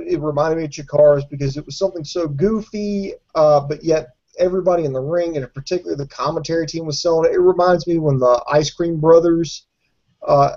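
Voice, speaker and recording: A man's voice: fairly high pitch, darkish tone. A man from Alabama co-hosting a casual wrestling review show, dry and sarcastic. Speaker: podcast co-host. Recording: dull lo-fi audio.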